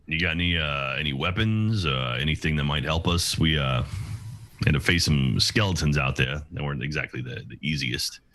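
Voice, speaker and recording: A man's voice: a bass voice, normal speed, a bit bright. A man playing a tabletop game in character, talking wryly with hesitant fillers. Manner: hesitant, wry, lots of uh. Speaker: player.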